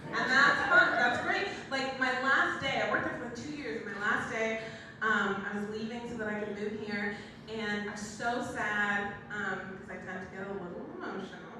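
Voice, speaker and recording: A woman in her thirties doing a stand-up comedy set, animated and self-deprecating, acting out friends in quoted voices. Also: mid-range voice, normal speed. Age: 30s. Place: comedy theater stage. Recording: echoey theater recorded from a distance, loud room noise. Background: audience laughter.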